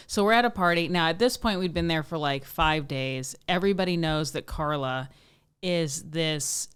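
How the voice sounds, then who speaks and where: A woman's voice: low-pitched, moderate pace, a bit bright, clear, resonant tone. A woman hosting a podcast, telling stories playfully and swearing freely. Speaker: podcast host. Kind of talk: casual podcast chat.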